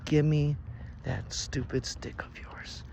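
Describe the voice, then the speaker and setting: A man voicing a gloating, cruel witch woman, drawn-out and loud in her taunts, over a noisy background. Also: medium pitch, creaky. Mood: taunting.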